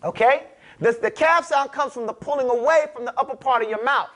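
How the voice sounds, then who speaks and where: A man's voice: very high-pitched, brisk, fairly bright tone. A man teaching a class, drilling letter sounds aloud and patiently correcting and explaining pronunciation. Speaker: Arabic teacher.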